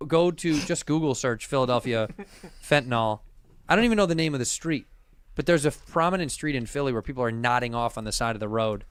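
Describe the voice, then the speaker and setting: A man's voice: medium pitch, expressive, brisk, slight background noise. A man on a comedy podcast chatting casually and riffing wryly. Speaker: podcast co-host. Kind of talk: casual chat.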